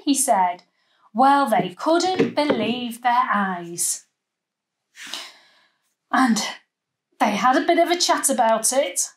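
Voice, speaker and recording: Animated woman telling a children's Bible story. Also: sits high, takes it slowly. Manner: animated, acting out the story with voices and gestures. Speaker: children's church leader.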